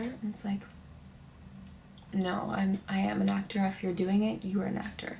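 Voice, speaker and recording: A woman's voice: mid-range voice, flat delivery, measured pace, creaky, pauses often, darkish tone, slight background noise. A young woman, a working actor, giving chatty, encouraging advice straight to the viewer in a casual vlog. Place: apartment in New York.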